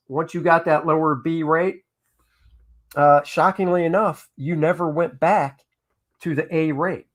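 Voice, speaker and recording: An older man who inks comics, casually telling stories of his work on a live drawing stream and reading out viewer comments. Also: fairly high pitch. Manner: chatty anecdotal storyteller, reads out chat comments. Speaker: comic book inker hosting a drawing stream.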